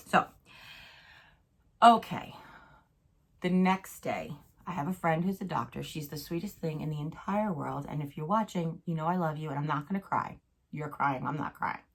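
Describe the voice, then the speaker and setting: A middle-aged woman casually chatting to camera at home as a vlogger, telling a story and acting out what others said. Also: low voice. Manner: chatty, storytelling, acts out quoted voices. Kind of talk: casual chat. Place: at home, sitting on a commode chair.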